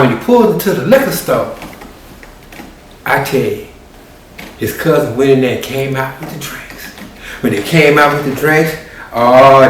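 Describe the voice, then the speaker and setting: A man's voice: mid-range voice, fairly bright tone. A man telling a story in a folksy, conversational way, as a storyteller. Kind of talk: animated oral storytelling. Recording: roomy, distant, faint hiss.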